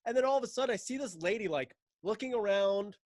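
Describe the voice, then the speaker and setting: A man's voice: high-pitched, lively intonation, fast, a little mellow, dry recording. A man in casual chat, ranting and mocking with lots of swearing, laughing between phrases.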